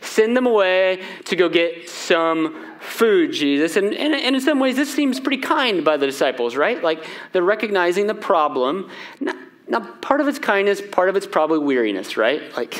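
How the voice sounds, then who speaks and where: A man's voice: high-pitched, lively intonation, normal speed. A middle-aged man with a twang preaches a sermon in a slightly raised voice. He keeps it loose and conversational. He tosses rhetorical questions at the congregation and slips into the voices of the people in his story. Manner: conversational, asks the crowd "right?" often, voices the disciples. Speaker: pastor.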